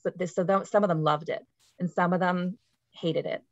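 A woman presenting to colleagues over a video call, with a lowish voice and an explanatory, chatty manner. She often checks in with a quick "right?". The call audio is dry and a bit dull and lo-fi. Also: steady tone, no echo. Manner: explanatory, tags points with "right?". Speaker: presenter, literacy teacher. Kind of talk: webinar presentation.

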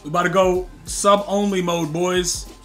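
Brief: young male streamer, AAVE style, high bright voice, rowdy and profane, faint game music behind. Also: normal speed. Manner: loud, profane, excitable trash talk. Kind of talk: casual live-stream chat with viewers.

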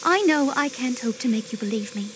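An actress voicing an aristocratic countess in a mystery game, guarded then anguished over lost family. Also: female voice, a little high, lively intonation, fairly quick, slight background noise, lightly acted, poor audio. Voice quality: emotional, intense. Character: grieving aristocratic countess hiding her past.

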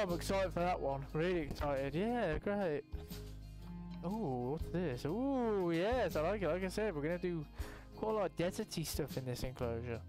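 A young man chats through a building game in a relaxed, rambling way, his fairly high voice leaping up whenever something pleases him. He swears casually and talks straight to his viewers. Soft background music plays quietly behind him. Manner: excitable, swears casually, bursts into high exclamations. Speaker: gaming youtuber. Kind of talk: casual gameplay commentary.

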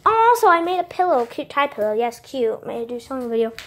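A woman's voice: sits high, big pitch swings, fairly quick, fairly bright tone. A young woman giving a casual house tour to camera at home, talking to her viewers in a bubbly, dramatic way. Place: family home, indoors.

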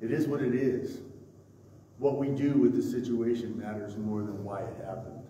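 A man's voice: medium pitch, level tone, moderate pace, dark tone, a little hiss or hum. A man preaching a sermon as pastor, emphatic and repetitive, often stopping to say "okay?" and "listen". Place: church sanctuary. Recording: echoey church hall, distant mic.

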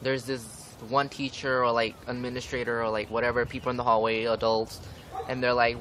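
A young vlogger talks to camera in a steady, mid-range voice that's a bit bright, moving a little fast. Outdoors amid wind and traffic noise, he rants casually, swearing often and saying "like" constantly.

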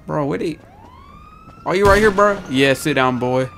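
Young man trash-talking over loud gunfire. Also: on the high side, lively intonation, normal speed, gravelly. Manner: trash-talking, repetitive taunts to opponents. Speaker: gaming YouTuber. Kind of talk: live gameplay commentary. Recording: noisy with gunfire in the background. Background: game gunfire and explosions.

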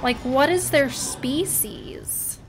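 A woman's voice: high-pitched, extremely slow, noisy background. A woman casually commenting on her own horror-game playthrough, swearing in jumpy outbursts and making wry asides. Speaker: gamer playing a horror game. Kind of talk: casual let's-play commentary.

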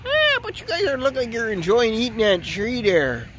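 Tipsy Wisconsin man, lively high voice. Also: moderate pace, hardly any pauses, slight background noise. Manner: rambling, profane, talks to the cows. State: drunk. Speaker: vlogger. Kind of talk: rambling outdoor chat to animals. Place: outdoors by a cow pasture. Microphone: handheld camera he films with.

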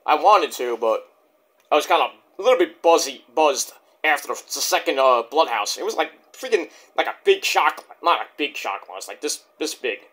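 A man rambling excitably through a casual wrestling review, swearing often. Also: fairly high pitch, moderate pace.

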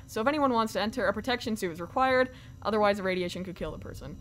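A young woman streaming a horror game live, reacting with excitement, swearing, and thanking her viewers. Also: mid-range voice. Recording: music playing faintly behind. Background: faint game music.

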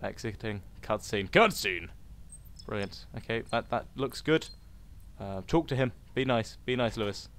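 A man giving silly, excitable commentary while playing a video game. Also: lowish voice, moderate pace. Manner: silly, excitable, yelps and exclaims. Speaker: gaming video host. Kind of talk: let's play commentary.

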